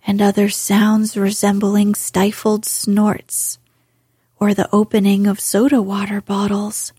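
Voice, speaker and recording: Breathy whispering woman storyteller. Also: medium pitch, steady tone, dry recording, clean studio sound. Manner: soft, breathy and slow.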